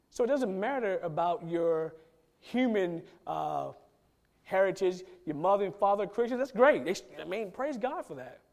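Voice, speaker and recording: High-voiced preacher. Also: male voice, lively intonation, normal speed, creaky, a little mellow. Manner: emphatic, conversational preaching with acted quotes. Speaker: pastor. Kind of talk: sermon.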